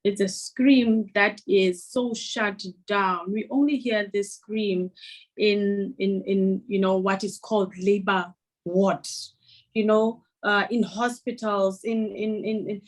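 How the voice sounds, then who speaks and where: A woman's voice: mid-range voice, steady tone, slow, poor audio. A woman speaking as a spiritual guest teacher, emphatic and impassioned, repeating phrases for weight. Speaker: womb priestess guest speaker.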